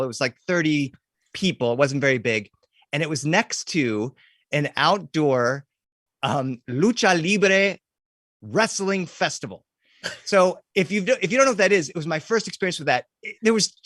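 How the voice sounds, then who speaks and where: Male storyteller, slightly high voice, animated and laughing, dry close mic. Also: no room sound. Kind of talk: casual interview chat.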